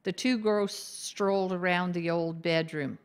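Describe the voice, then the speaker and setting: A woman author reading her own novel aloud at a live book event, in a measured, deliberate way. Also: on the low side, steady tone, clean tone.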